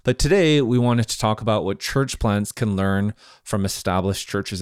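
A man hosting a podcast on church leadership, chatty and quick to laugh, often restarting his sentences. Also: fairly low pitch, clear, resonant tone, no room sound, clean studio sound. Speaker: podcast host. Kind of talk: casual podcast discussion.

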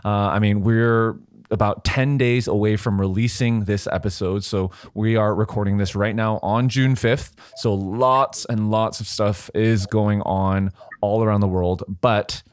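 A low-voiced man hosting a podcast who keeps the talk on course in a steady, easy tone. His voice is dry and close to the mic. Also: dry recording. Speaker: podcast host. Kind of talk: casual podcast chat.

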